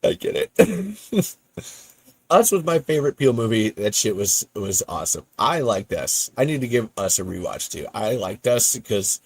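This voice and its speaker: A man hosts a casual podcast livestream, wandering off mid-sentence and laughing as he goes. His pitch bounces around with lively swings. The sound is dry and close, with no room in it. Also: normal speed, gravelly, breathy edge, no echo. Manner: rambling, self-interrupting, laughs often. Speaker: podcast host.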